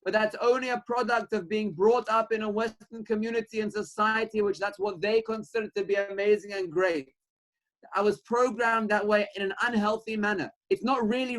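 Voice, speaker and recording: The recording is low quality, and the man speaking has a high, brisk voice. He is a rabbi leading an earnest Torah class, telling a story and urging his listeners, using Hebrew and Yiddish terms and turning animated when quoting.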